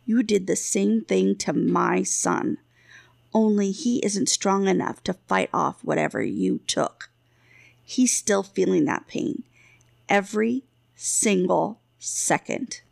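A woman voicing a slow, cold male chieftain. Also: medium pitch, creaky, a little mellow, dry recording, studio quality, exaggerated voice. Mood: menacing. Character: grieving, stern male chieftain, quietly menacing.

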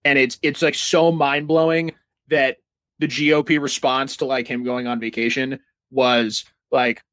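A man's voice: medium pitch, steady tone, moderate pace, a bit bright, no echo. A man in casual political chat, heated and profane, leaning on lots of filler words.

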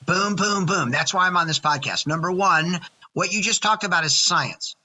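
Bright, lively man in his sixties. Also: high voice, normal speed, poor audio. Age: 60s. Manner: energetic, jokey, lists points by number. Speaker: podcast guest. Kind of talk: casual chat.

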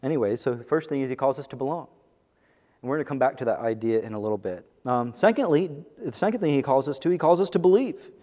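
A man preaching as a pastor in a church, earnest and rising into excited bursts. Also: mid-range voice, quick pace. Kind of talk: sermon. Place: church sanctuary. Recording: long echo of a large hall.

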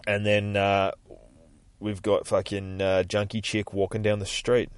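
Low-voiced swearing podcaster. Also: male voice, completely flat delivery, unhurried, smooth, no echo. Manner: crude, swearing, rambling. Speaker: podcast host. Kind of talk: casual comic book retelling. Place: outdoors near his workplace.

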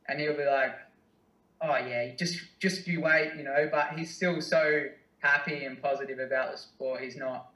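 A young Australian man answering interview questions in a hesitant, halting, self-deprecating way. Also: mid-range voice, bright, forceful tone, muffled recording. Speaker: guest, distance runner. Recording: roomy, mic at a distance.

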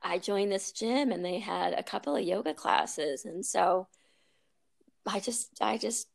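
Chatty woman with a gravelly voice. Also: medium pitch, unhurried. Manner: chatty storyteller, laughs often, many ums and restarts. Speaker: guest, yoga teacher. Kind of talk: casual interview conversation.

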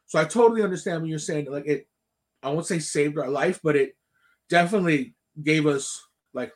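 Speaking at a brisk clip, a man in his thirties chats casually on a podcast, his pitch a bit higher than average for a man. He's lively as he meanders through a lengthy personal tale, swearing often and starting sentences over.

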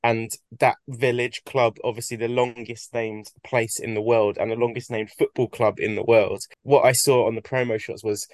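A man's voice: mid-range voice, little pitch movement, moderate pace, hardly any pauses, dry recording. A British man co-hosting a podcast, easygoing and chatty. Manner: easygoing, laughs often. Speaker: podcast co-host. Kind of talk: casual chat.

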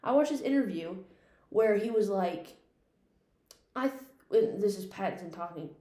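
A woman's voice: medium pitch, expressive, moderate pace, pauses often, mellow. A woman hosting a casual, unscripted podcast, rambling chattily about movies and swearing freely. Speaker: podcast host and film critic. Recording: echoey room with faint hum.

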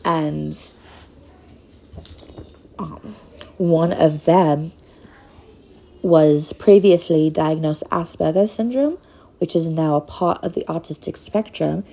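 A woman in her thirties with a Northern Minnesotan accent, hosting a casual solo podcast and talking slowly and hesitantly, with frequent pauses. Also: low-pitched, creaky, mellow, low-quality recording. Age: 30s. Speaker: podcast host.

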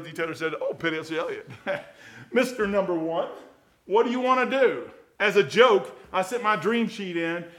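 A middle-aged man preaching a sermon in a folksy, conversational way, with sudden loud outbursts. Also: fairly high pitch. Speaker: pastor.

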